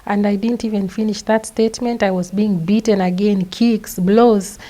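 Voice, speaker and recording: A young adult woman with a Kenyan accent, a guest recounting her own story in halting, step-by-step speech with frequent repeated words. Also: mid-range voice, steady tone, mellow, low-quality recording. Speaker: interview guest. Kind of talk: personal testimony.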